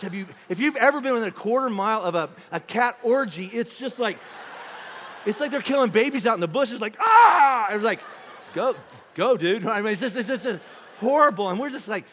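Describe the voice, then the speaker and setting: A high-voiced man pastor preaches to his church, spinning a comic story with lively swings from loud outbursts to hushed asides. His voice carries a long reverb from the big auditorium. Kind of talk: sermon.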